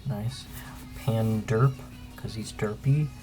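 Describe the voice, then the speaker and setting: Slow, rambling young man. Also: fairly low pitch, soft background music. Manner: relaxed, rambling, frequent ums. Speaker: artist and channel host. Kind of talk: casual sketchbook flip-through commentary.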